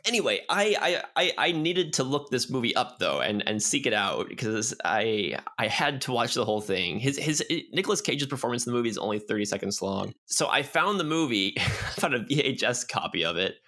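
A man's voice: medium pitch, big pitch swings, a little fast, bright, forceful tone. A man co-hosting a podcast in casual chat, joking, laughing often and repeating words as he thinks. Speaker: podcast co-host.

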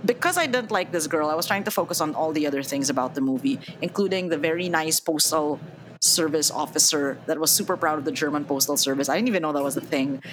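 A woman's voice: sits low, fast, slight background noise, low-quality recording. A woman co-hosting a podcast, chatting casually and with strong opinions about a movie, laughing often. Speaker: podcast co-host. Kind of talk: casual movie review chat.

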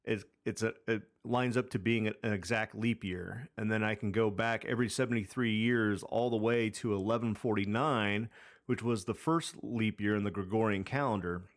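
A man's voice: fairly low pitch, normal speed. A man in his thirties telling a long personal story in casual chat, rambling with many fillers and restarts. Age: 30s. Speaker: podcast co-host.

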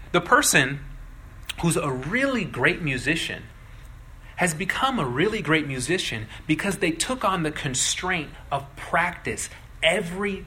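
Lively, bright-voiced preaching man. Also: on the high side, slight background noise, rough recording. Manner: animated, acts out voices in illustrations. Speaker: pastor. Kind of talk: sermon.

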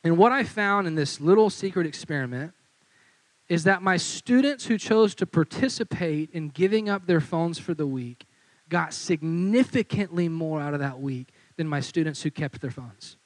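A young man who is a youth pastor, preaching with lively storytelling and acting out quotes. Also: a little high, normal speed, no echo, poor audio. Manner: animated storyteller, acts out quotes. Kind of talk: sermon with storytelling.

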